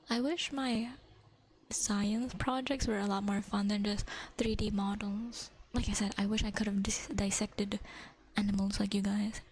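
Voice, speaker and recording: A woman's voice: medium pitch, level tone, unhurried, darkish tone, husky, low-quality recording. A woman hosting an ASMR livestream, chatting in a casual whisper, giggly and swearing freely.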